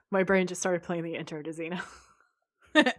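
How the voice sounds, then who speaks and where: A woman's voice: fairly low pitch, fairly even intonation, unhurried. A woman co-hosting a podcast, chatting casually and acting out quoted lines with animation. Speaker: podcast co-host. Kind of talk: casual chat recapping a TV episode.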